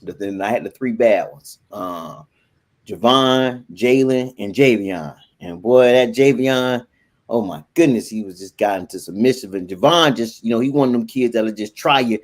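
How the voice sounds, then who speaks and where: A man on a talk show, casually telling a family story with animated laughter. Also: medium pitch, moderate pace.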